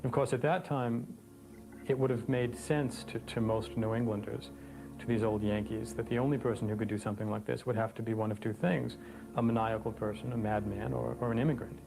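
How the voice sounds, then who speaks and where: A man's voice: mid-range voice, fairly even intonation, brisk, gravelly, rough recording. A man interviewed for a documentary, explaining historical background in a storytelling tone. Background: music bed.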